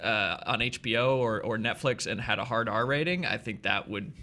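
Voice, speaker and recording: A man chatting as a panelist, halting and full of fillers. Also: on the low side, pushed and bright. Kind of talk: casual panel chat.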